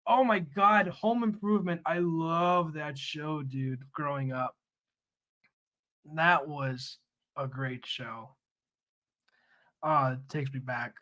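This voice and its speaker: A man's voice: a little high, fairly even intonation, slow, long pauses, fairly bright tone. A young man chatting casually with his viewers while he colors on a live stream, laughing often and calling everyone dude and man.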